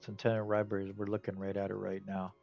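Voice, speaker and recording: A man casually narrating his gameplay in a relaxed, rambling way, tired and with a stuffy nose. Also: on the low side, fast talker, gravelly. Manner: relaxed, rambling, talks to himself. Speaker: game streamer. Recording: dull lo-fi audio, faint game music.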